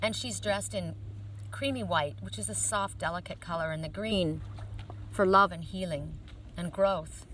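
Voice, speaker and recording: A woman reads oracle cards beside a lake, her voice gentle and chatty as she drifts into little asides. She talks into a phone camera outdoors. Outdoor ambience and passing traffic sit clearly behind her. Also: medium pitch. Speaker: oracle card reader. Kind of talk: outdoor card reading vlog.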